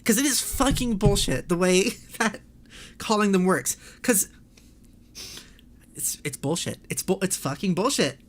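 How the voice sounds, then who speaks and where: Woman streamer ranting to chat, lots of swearing and laughs, middle pitch, casual. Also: expressive, unhurried, long pauses.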